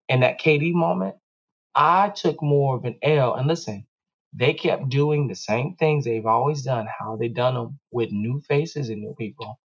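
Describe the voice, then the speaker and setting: A man talking casually and reflectively about his own experiences in an animated, laughing manner. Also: mid-range voice, slightly rough, dull audio. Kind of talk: casual chat.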